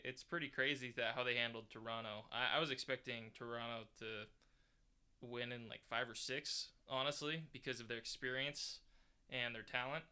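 Super bright voiced guy, animated casual sports podcast chat. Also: mid-range voice, clean tone. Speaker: podcast co-host.

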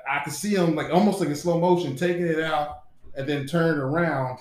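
A man's voice: a little high, steady tone, a little fast. A man telling a long dream story in casual chat, full of restarts and cursing. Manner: rambling, profane, many restarts. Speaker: podcast co-host. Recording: echoey room.

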